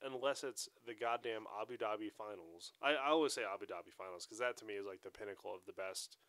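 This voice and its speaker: A man's voice: on the low side, quick pace, no echo. A man co-hosting a podcast in casual chat, swearing freely and acting out what others said in a raised voice. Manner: animated, swears a lot, acts out quotes in a raised voice. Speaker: podcast co-host.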